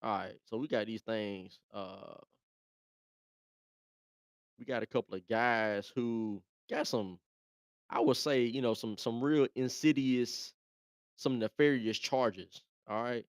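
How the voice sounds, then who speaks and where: A man's voice: mid-range voice, takes it slowly, pauses often, clear, resonant tone, no room sound, clean studio sound. A man hosting a live show, talking in a laid-back, chatty way and often repeating himself. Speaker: host. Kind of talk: casual live commentary.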